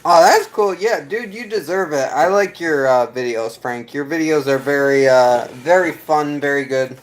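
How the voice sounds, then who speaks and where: A man's voice: on the high side, normal speed, a little hiss or hum, poor audio. A man chatting casually with his viewers, rambling with fillers and restarts. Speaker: video creator reading chat. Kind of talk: casual live chat.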